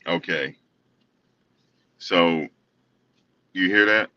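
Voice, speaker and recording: A man's voice: low voice, extremely slow, dry recording, recorded from a distance, muffled recording. A man co-hosting a casual commentary chat, laid-back and hesitant, hedging with lots of fillers. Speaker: co-host.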